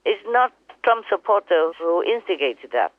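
A woman's voice: lowish voice, big pitch swings, moderate pace, no echo. Impassioned woman on a tinny phone line. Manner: impassioned, repetitive, emphatic. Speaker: spiritual teacher. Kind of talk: phone call with disciples. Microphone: telephone.

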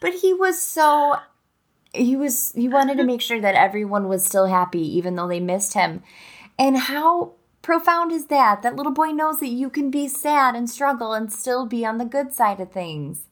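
Candid, laughing mom chatting casually. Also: female voice, a little high, expressive, normal speed, fairly bright tone. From upstate New York. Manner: candid, profane and laughing often. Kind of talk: casual chat.

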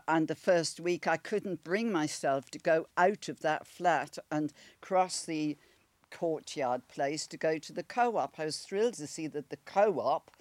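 A woman's voice: deep voice, darkish tone, no room sound. A woman in her eighties from Wales with a Welsh accent, telling a personal story in a chatty, rambling way with restarts. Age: 80s.

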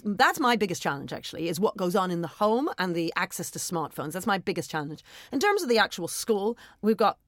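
A woman headteacher, talking in an interview in an emphatic, animated way and often adding "I mean" and "right?". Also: a little high, dry recording, studio quality. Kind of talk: interview conversation.

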